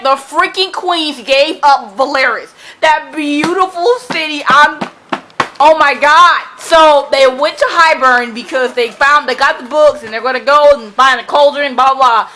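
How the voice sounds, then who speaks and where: A young woman recapping a novel in an excited reading vlog, gushing and dramatic, breaking into screams and laughs between run-on summaries. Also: sits high, measured pace, slight background noise, rough recording. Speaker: book vlogger.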